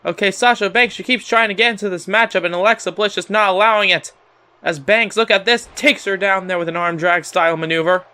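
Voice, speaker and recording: A young man giving excitable play-by-play commentary on a wrestling video game, often laughing and calling out to ladies and gentlemen. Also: high voice, brisk, clean tone. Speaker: gameplay commentator.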